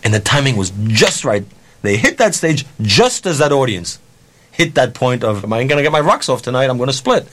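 A man's voice: medium pitch, a little fast, slight background noise. A man, a concert promoter, telling a profane anecdote and acting out the dialogue. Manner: animated, profane, acts out dialogue. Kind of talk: storytelling anecdote.

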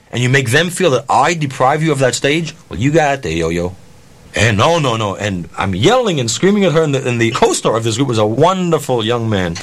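Male storyteller, concert promoter type, lively pitch swings, salty language, plays every line of dialogue himself. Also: brisk. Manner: animated, profane, acts out dialogue. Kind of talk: storytelling anecdote.

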